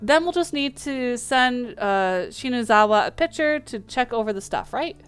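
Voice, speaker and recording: A woman's voice: fairly high pitch, animated, normal speed, clean tone, soft background music. Woman reading a dating game aloud. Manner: reads lines with small slips and restarts.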